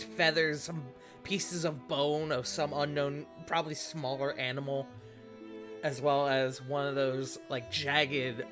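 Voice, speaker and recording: A man narrating a tabletop roleplaying game as game master, describing scenes with pauses and hesitations. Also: medium pitch.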